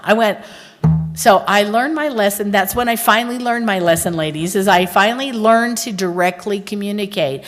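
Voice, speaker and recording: A woman's voice: mid-range voice, normal speed, faint music behind. A middle-aged woman gives a humorous talk to a conference audience, telling stories and speaking straight to the listeners. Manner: joking, storytelling, addresses the audience directly. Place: large conference hall. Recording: long hall reverb.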